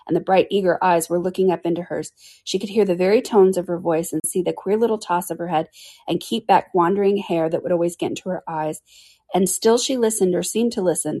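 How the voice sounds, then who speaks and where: A woman narrating a classic storybook in a steady, measured way for a podcast. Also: on the low side, breathy edge. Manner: steady, measured reading aloud. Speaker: reader.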